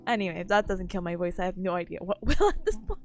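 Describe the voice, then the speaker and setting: A woman's voice: lowish voice, big pitch swings, fast. A young woman chatting casually on a live stream, bubbly and giggly, her voice slightly nasal and worn from a cold. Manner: bubbly, giggly, greets chat warmly. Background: faint music.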